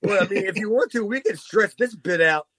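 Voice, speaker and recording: A man with a high-pitched voice chats loosely through a wrestling review, restarting sentences and laughing often. The sound is dry and close, with no room around it. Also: a little fast, fairly bright tone, slightly rough, no room sound. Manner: rambling, laughs often, swears casually. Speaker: podcast host. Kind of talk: casual wrestling review chat.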